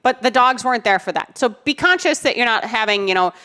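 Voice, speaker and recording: A woman's voice: on the high side, lively intonation, a little fast, sharp tone. A woman co-hosting a podcast, giving firm, emphatic advice in a casual chat full of "you know"s. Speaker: podcast co-host, dog trainer.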